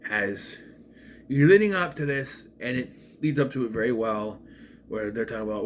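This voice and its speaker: A man's voice: lowish voice, moderate pace, fairly bright tone, a little hiss or hum. A man giving a casual, rambling spoken film review, with frequent restarts and asides. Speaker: movie reviewer.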